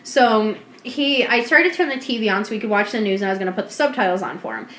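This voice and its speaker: A woman co-hosting a podcast, telling a story in casual chat, animated and swearing, acting out what people said. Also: on the high side, fast, a little hiss or hum. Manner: animated, swearing, acts out quotes. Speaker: podcast co-host. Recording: roomy echo.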